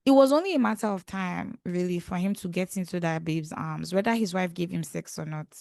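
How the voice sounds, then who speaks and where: A woman's voice: lowish voice, fairly quick, creaky, no echo. Nigerian woman co-host, opinionated casual chat, dead-dry close mic. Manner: lively, opinionated, laughs often. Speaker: podcast co-host. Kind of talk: casual banter.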